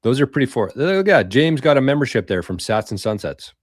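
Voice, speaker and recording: A man hosting a casual livestream, reading viewer comments aloud in a loose, swearing, chatty way with quick laughs. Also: mid-range voice, expressive, no room sound, clean studio sound. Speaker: livestream host.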